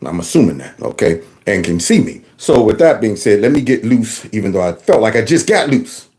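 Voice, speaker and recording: This man speaks low and fairly fast as he hosts his own channel. Once a teacher, he rants in a loose, folksy way, full of energy and slipping into characters' voices for his video commentary.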